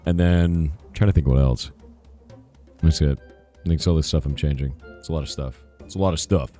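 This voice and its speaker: A hoarse man streaming live, answering chat in a rambling casual way with lots of "right?" asides. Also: rumbling low, fairly quick, mellow, faint music behind. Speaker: streamer and game developer.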